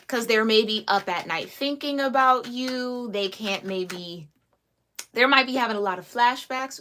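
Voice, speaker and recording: A woman's voice: fairly high pitch, unhurried, bright, forceful tone. A woman giving a casual, chatty tarot reading, slangy and laughing often. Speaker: tarot reader.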